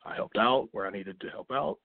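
A man, a wrestler guest on a podcast, talking in a halting way with many restarts and fillers. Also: on the low side, creaky, no room sound. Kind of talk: casual podcast chat. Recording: tinny phone-like line.

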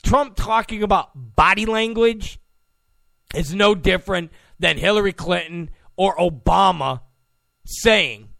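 A man's voice: sits high, slow pace, vocal fry, sharp tone, dry recording, clean studio sound. A male political commentator giving an opinion monologue in a mocking way, often acting out the people he quotes. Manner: mocking, acts out quoted people in put-on voices.

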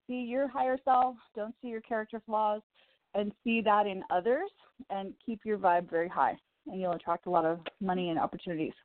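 Angel card readings for callers come from a Chicago woman who hosts a call-in radio show as a psychic reader. She speaks briskly at medium pitch, warm and encouraging, chatting and laughing. The audio is a tinny, dry phone line with slight background noise.

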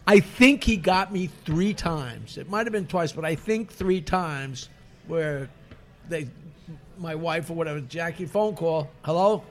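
A man, a comedian guest, telling rambling anecdotes in an animated, casual way and laughing often. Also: on the high side, unhurried. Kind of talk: casual storytelling. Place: bar or restaurant.

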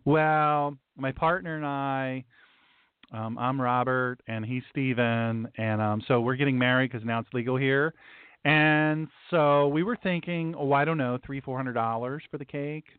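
A chatty young man rambles in a breezy, friendly way about a cake order, as a man puts him on. His voice sits a little low. The sound is thin and dry, like a phone call. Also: steady tone, measured pace, clear, resonant tone, no echo, lightly acted.

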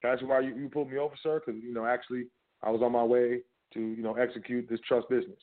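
A man hosts a talk show and explains things casually with plenty of emphasis. His voice sits at an ordinary middle pitch. The sound is narrow and tinny, as if it came over a phone line. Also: little pitch movement, very fast. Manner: conversational and emphatic, with repeated filler phrases. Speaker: podcast host. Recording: phone-like narrow band audio.

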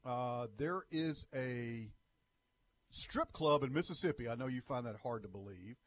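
A man's voice: medium pitch, a little slow, no room sound. A man co-hosting a sports talk radio show, telling jokey stories in casual banter. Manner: lively, jokey storyteller.

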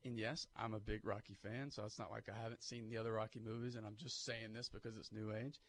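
A man, co-hosting sports talk radio on a studio mic, animated and pushing emphatic hot takes. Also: fairly low pitch, quick pace. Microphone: studio microphone.

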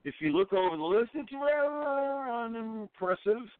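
A man's voice: very high voice, sing-song, measured pace, no room sound. A man hosting a podcast, moderating segments in a mock-formal, playful way. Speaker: podcast host. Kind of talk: casual chat. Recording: tinny dry phone-like line.

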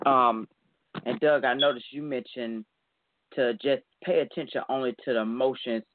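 A man's voice: medium pitch, fairly even intonation, normal speed, dry recording. Curious male interviewer on a phone line. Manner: curious, conversational, stammers at starts. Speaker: interviewer, host. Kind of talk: interview questions.

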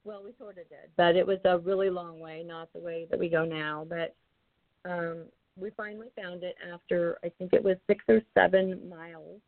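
A woman with a lowish, fairly even voice, a paranormal investigator appearing as an interview guest, tells a story at a moderate pace. She rambles with many ums and restarts, calling in over a tinny phone line and sometimes drifting away from the mic.

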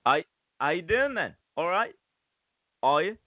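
A man's voice: a little high, sing-song, unhurried, dry recording, pitched above the performer's own voice. A man voicing a tough male Cockney ex-convict telling a menacing prison story in a put-on Cockney accent. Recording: tinny phone-like dry sound.

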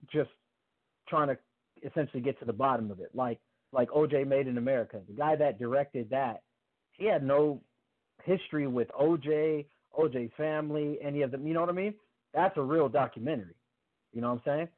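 A man co-hosting a casual sports podcast, rambling with many fillers and getting animated. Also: a little high. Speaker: podcast co-host. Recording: phone-like podcast audio.

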